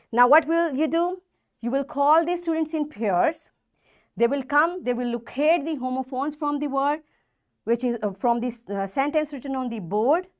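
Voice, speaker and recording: Animated woman teaching a slow lesson. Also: high voice. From Pakistan. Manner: slow, emphatic spelling out of words. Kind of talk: classroom lesson.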